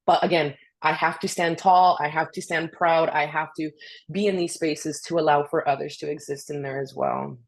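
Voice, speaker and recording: A woman speaker on a video call, telling personal stories in a casual, animated way, full of "you know" and restarts. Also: sits low, normal speed. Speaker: guest speaker, orchestra conductor. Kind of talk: casual storytelling on a video webinar.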